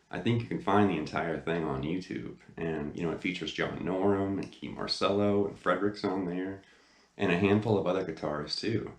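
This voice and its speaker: This guitar teacher hosts a casual lesson video for his channel, sitting indoors in front of a camera. His voice sits low and sounds roomy, and he chats with enthusiasm, rambling and using lots of fillers.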